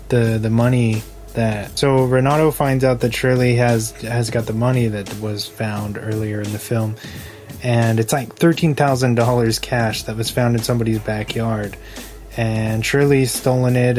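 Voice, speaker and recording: A man's voice: medium pitch, darkish tone. A young man co-hosting a podcast, casually retelling film scenes and acting out the characters' lines. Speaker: podcast co-host.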